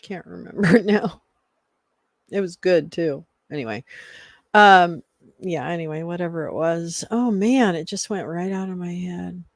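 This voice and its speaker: A woman hosting a live stream talks slowly and unhurriedly. She rambles, swears freely and laughs often. Her voice sounds dry and close, with no room echo. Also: fairly low pitch, creaky. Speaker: livestream host. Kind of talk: casual live commentary.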